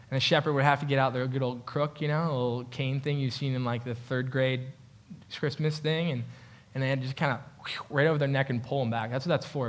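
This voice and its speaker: Casual joking male pastor preaching. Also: mid-range voice. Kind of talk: conversational sermon. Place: church.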